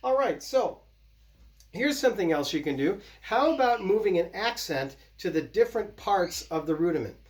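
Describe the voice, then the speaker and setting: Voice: medium pitch, expressive, normal speed. A drum teacher giving a casual, explanatory lesson and counting out patterns while playing. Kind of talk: casual instructional demo. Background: loud snare drumming.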